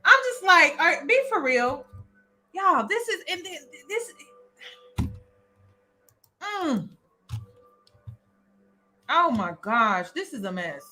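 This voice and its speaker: A woman's voice: high voice, very animated, takes it slowly, long pauses, bright, forceful tone, faint music behind. A woman hosting a reaction video, talking bluntly and with exasperation, swearing as she comments. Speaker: YouTube reaction host.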